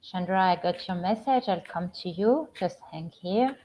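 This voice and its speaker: A middle-aged woman with a French accent, a spiritual coach hosting a casual live stream from home, talking gently with many halting restarts. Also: on the low side. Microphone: computer or phone camera on a live stream. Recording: slightly dull lo-fi stream audio.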